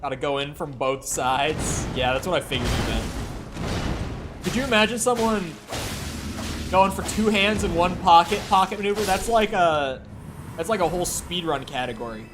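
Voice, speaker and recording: A man's voice: on the high side, moderate pace, music in the background. A man chatting casually with viewers during a live gaming stream, rambling and swearing freely. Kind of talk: casual live-stream chat while playing.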